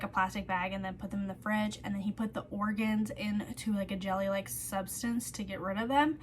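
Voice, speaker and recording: A woman's voice: mid-range voice, a bit bright, a little hiss or hum. A woman vlogger telling a true-crime story in a chatty way, full of "like", who drops to a whisper on the grim details.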